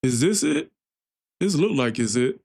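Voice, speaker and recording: A man's voice: mid-range voice, sing-song, a little slow, creaky, a little mellow. A man hosting a music reaction livestream, chatting casually with viewers and laughing often. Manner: laughs often, loose and playful; talks to viewers directly.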